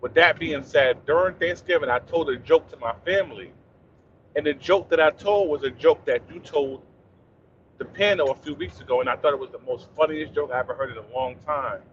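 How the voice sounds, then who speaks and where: A man in his thirties, a panelist in casual chat, speaking calmly and softly with many fillers, on dull lo-fi audio. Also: on the high side, brisk, slight background noise. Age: 30s. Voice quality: soft-spoken, calm, many fillers.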